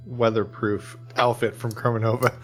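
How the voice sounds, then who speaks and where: A man's voice: mid-range voice, flat delivery, normal speed, faint music behind. A man playing his character in a tabletop game, jokey and often laughing. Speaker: player.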